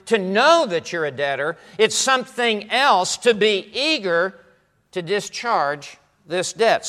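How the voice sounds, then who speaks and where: A high-voiced, bright-toned man delivers an expository sermon in a church, speaking slowly and deliberately. He is emphatic and builds to fired-up peaks, and the long reverb of a large hall trails after his words. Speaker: preacher.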